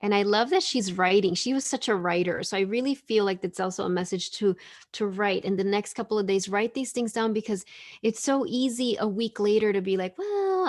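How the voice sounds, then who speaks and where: Effusive woman reading oracle cards. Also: medium pitch. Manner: effusive, enthusiastic, gushing. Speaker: spiritual teacher hosting an online gathering. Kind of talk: casual oracle card reading to a group.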